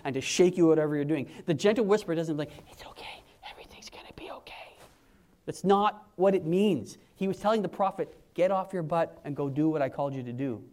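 A man in his forties preaches a sermon with a fairly high voice. He talks in a lively, conversational way, dropping to a hush or rising sharply as he acts out what others say. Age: 40s. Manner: animated, conversational preaching, acting out quotes in hushed and raised voices.

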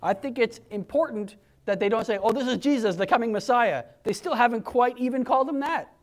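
A man with a strikingly high voice delivers a conversational sermon. He talks to the congregation directly and throws himself into acting out quoted voices. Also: fairly quick. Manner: conversational, animated, acts out crowd voices. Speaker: preacher.

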